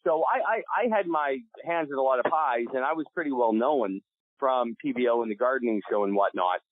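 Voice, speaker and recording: A middle-aged man from Canada telling stories as a podcast guest, animated and casual, restarting sentences and swearing freely. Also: mid-range voice, fairly quick. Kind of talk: storytelling interview. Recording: dry, tinny phone-like sound.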